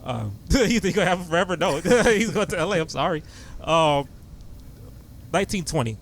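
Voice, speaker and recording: A young man hosting a podcast, telling sports stories in an excitable, animated way. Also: on the high side, normal speed, slight background noise. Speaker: podcast host. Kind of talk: casual sports chat.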